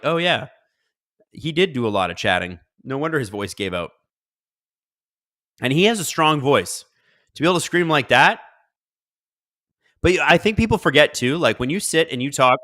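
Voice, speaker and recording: Bright-voiced man reacting live to hockey. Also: medium pitch. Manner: excitable, swings from mumbled asides to loud outbursts. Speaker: live-stream watch-along host. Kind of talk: live game reaction and chat reading.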